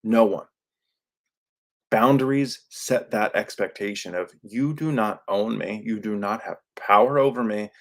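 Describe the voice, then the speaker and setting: A man hosting a podcast, talking casually in a lively monologue and acting out quoted lines in his own voice. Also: on the low side, unhurried. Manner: animated, acts out quoted lines; self-described yelling into a microphone. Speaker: podcast host. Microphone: studio microphone.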